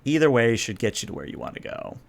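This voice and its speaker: A man running a tabletop game as game master, explaining rules and narrating in a relaxed, chatty way. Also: mid-range voice, fast, vocal fry.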